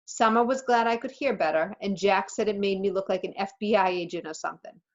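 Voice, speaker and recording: A woman teacher reading a children's novel aloud to her class in a steady storytelling voice. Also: medium pitch, brisk. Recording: slightly muffled recording.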